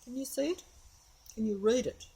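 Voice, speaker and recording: A woman's voice: fairly high pitch, moderate pace, mellow, husky. A woman rambling to the camera of her handheld phone outdoors on a residential street, chatting as she films. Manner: chatty, meandering, talks to camera and to her cat. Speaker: vlogger.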